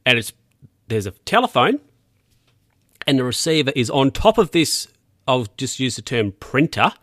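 A man with a mid-range, fairly bright voice casually recaps a film scene by scene, rambling and correcting himself with lots of fillers. His pitch swings widely and his pace is moderate. The recording is dry and studio quality.

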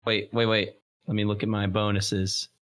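A player in a tabletop game, boisterous and quick to laugh. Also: low voice, flat delivery, fairly bright tone.

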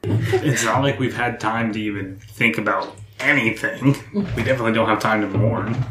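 A man playing a tabletop game, wry and unhurried, laughing often. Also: on the low side, a bit bright. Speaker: player. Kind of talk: casual tabletop game play. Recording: echoey room with faint noise.

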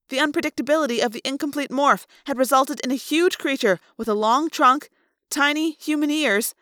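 A woman's voice: high voice, a bit bright, no echo, studio quality. A woman reading a first-person novel aloud, dramatic and voicing the sound effects herself. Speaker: audiobook reader.

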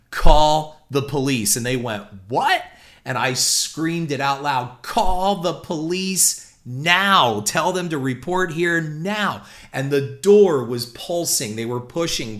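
Middle-aged man, mid-pitched voice, casual and lively anecdote telling, blunt and profane. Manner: animated, blunt and profane, acting out the shouting. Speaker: storyteller recalling his old job.

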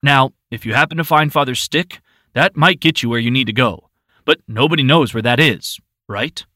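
A man's voice: mid-range voice, moderate pace, bright, forceful tone, dry recording, pitched above the performer's own voice, close to an everyday voice. A man doing Rick, a bitter stern brother. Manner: stern, clipped, sarcastic.

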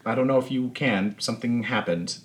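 A man's voice: mid-range voice, fairly quick, lightly acted. A man voicing a furious, stressed female elf cavalry soldier who curses bluntly, in a tabletop game. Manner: heated, cursing, blunt.

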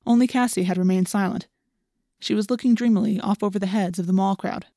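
A woman with a medium-pitched voice narrates a first-person audiobook in a measured, even storytelling manner. The recording is studio quality, with no room sound.

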